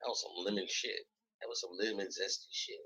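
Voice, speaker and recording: A man's voice: lowish voice, steady tone, quick pace, sharp tone, breathy edge, poor audio. A man co-hosting a casual livestream, joking around and cursing freely. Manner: joking and profane.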